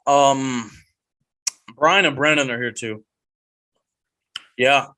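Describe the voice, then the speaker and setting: Slow and mid-range, the male podcast host's voice still comes across bright and forceful. In a casual chat he rambles, restarts a lot, and cracks mock-dramatic jokes.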